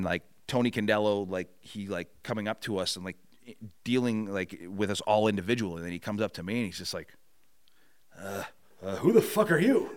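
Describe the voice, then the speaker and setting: A middle-aged man appears as a podcast guest, telling a long story in a casual chat, swearing freely and animatedly acting out what others said. His voice is lowish, clear, and resonant, with no echo.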